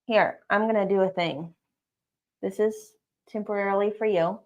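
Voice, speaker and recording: A woman's voice: medium pitch, fairly even intonation, moderate pace. A woman co-hosting a livestream, making short, dry remarks in casual chat. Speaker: livestream co-host.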